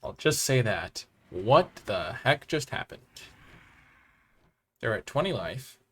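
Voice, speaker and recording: A man's voice: mid-range voice, very animated, takes it slowly, fairly bright tone, slight background noise. A man hosting live gameplay commentary, thinking aloud and reacting to each play with groans, exclamations and wry self-mocking asides. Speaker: host.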